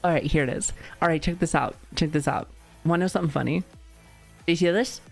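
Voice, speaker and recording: A woman streamer chatting casually while reacting to videos, excitable, laughing often and swearing freely. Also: deep voice, quick pace, gravelly, soft background music.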